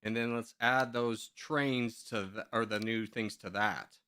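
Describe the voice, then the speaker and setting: A man's voice: fairly low pitch, steady tone, unhurried, pushed and bright, smooth. A man casually commenting on his own gameplay while live streaming, muttering to himself as he builds and answering chat.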